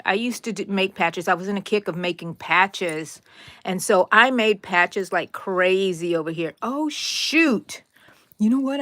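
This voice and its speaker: A woman's voice: medium pitch, fairly bright tone, no echo. A woman hosting a crochet live stream, chatting playfully, laughing often and greeting viewers by name. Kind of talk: casual live-stream chat.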